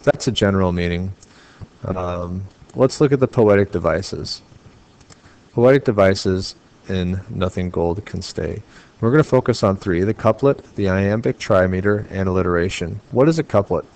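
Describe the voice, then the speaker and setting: A man's voice: deep voice, moderate pace, a little mellow. An American man as a teacher, explaining poetry homework step by step and tapping out the stressed beats aloud.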